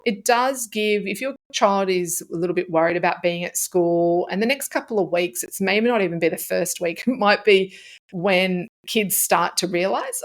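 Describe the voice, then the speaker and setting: A middle-aged woman hosts her own podcast, chatting through her points in a relaxed, conversational way. Her voice sits a little low, and she slips into quick example phrases as she talks. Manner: conversational, with frequent fillers and acted-out example phrases. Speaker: podcast host and author. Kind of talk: solo podcast talk.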